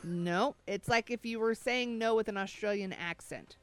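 A woman's voice: medium pitch, normal speed, clean tone, faint music behind. A woman co-hosting a morning radio show, chatting casually and reacting with playful indignation. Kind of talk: casual on-air banter. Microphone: studio microphone. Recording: dry studio sound.

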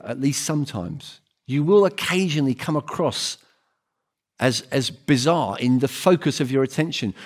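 A man preaching a sermon in an earnest, emphatic way, often repeating phrases and restarting words. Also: medium pitch.

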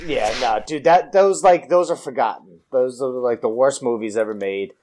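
A man's voice: medium pitch, normal speed, darkish tone, slight background noise. A man co-hosting a casual podcast. He is blunt and crude and teases his friends. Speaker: podcast co-host. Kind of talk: casual chat.

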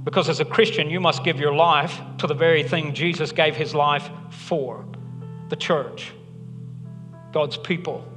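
A man's voice: fairly high pitch, fairly even intonation, unhurried, fairly bright tone. A man preaching a sermon as pastor, conversational and earnest with joking asides. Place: church hall. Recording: long hall reverb, faint music.

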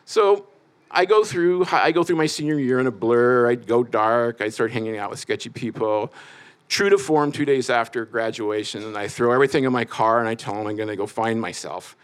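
A man from the Midwest telling a personal story to listeners. His voice sits at an ordinary middle pitch. He talks in a wry, self-mocking way, rambling easily with "you know" and "sort of" along the way. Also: fairly quick. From Midwest United States.

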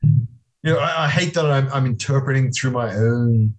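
A man's voice: medium pitch, poor audio. A man on a podcast, hedging and restarting as he talks through an abstract idea. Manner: halting, hedging, with many restarts while theorizing. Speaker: podcast guest. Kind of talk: casual podcast chat.

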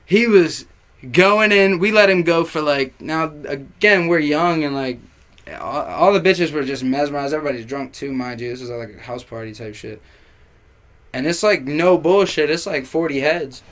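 A young man, a rapper on as a podcast guest, telling a party story in casual chat, animated and profane, packed with fillers. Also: on the high side, moderate pace.

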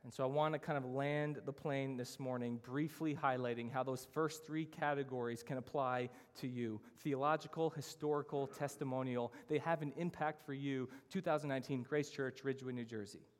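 Preaching in a church hall whose long reverb fills the recording, this pastor speaks in a mid-range voice at a moderate pace, rarely pausing. His intonation stays fairly even as he earnestly and emphatically moves through listed points.

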